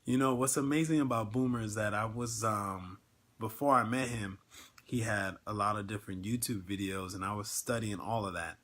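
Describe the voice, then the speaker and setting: Speaking at a moderate pace in a low-leaning, slightly bright voice, a network marketing host runs a casual livestream. He comes across as sincere and emotional, peppering his words with ums and other fillers.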